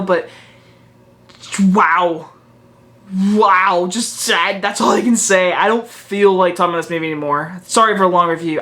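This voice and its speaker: A man's voice: high voice, fairly bright tone. A man giving a casual spoken film review in a frank, exasperated way, restarting his sentences and mocking what he disliked. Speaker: movie reviewer.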